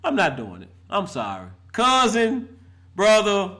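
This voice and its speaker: A middle-aged fan vlogger rants animatedly, fired up and laughing, packing in slang and repeating himself for emphasis. His voice sits high and sounds bright and forceful, with huge pitch swings and an unhurried pace.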